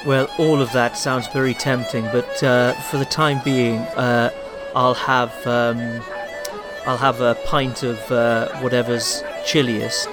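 A man's voice: medium pitch, level tone, slow. A man playing a tabletop role-playing game, hesitant with many fillers. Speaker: player. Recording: music playing behind.

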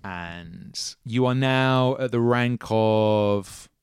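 Smooth-voiced man running a tabletop game. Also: lowish voice, extremely slow, no echo, studio quality. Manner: musing, hesitant with many restarts, often laughing. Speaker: game master. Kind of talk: narrating a tabletop role-playing game.

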